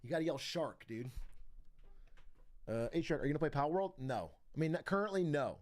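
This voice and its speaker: Young male streamer, expressive pitch, loose profane chatter. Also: fairly quick. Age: young adult. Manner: rambling, profane, laughs often. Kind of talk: casual stream chat.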